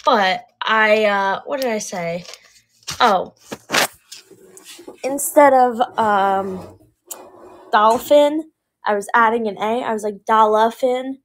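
A woman in her twenties chatting casually on a live sales stream, talkative and quick to laugh at her own slips. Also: mid-range voice, background noise. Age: 20s. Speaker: live online seller. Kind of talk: casual live-sale chat.

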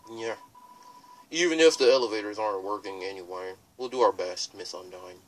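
A gamer doing a low mumbling guard. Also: a little fast, distant mic, natural voice, poor audio. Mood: laid-back. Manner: mumbled, slack, says like. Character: laid-back lowly royal guard.

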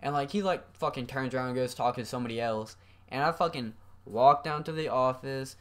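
A man's voice: mid-range voice, brisk. A young man casually telling a school story, rambling and swearing freely with lots of fillers. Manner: profane, rambling with many fillers. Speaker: vlogger.

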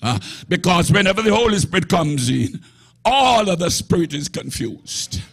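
A man preaching a sermon emphatically, often rising to shouts. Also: high-pitched, very animated, moderate pace, vocal fry.

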